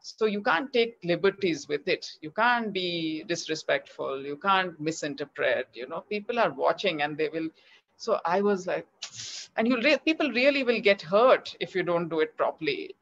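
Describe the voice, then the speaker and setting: In an interview carried over a video call, a children's author, a middle-aged woman with an Indian English accent, speaks in a lowish voice at normal speed. She narrates with animation, voicing the quoted dialogue herself, while the lo-fi sound comes across slightly dull.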